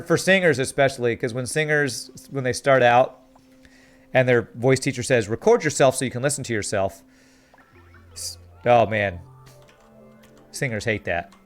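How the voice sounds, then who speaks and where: An American man giving relaxed, chatty commentary while playing a game and reading his chat aloud. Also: medium pitch. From United States. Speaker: game streamer. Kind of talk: casual gameplay commentary. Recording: faint music behind.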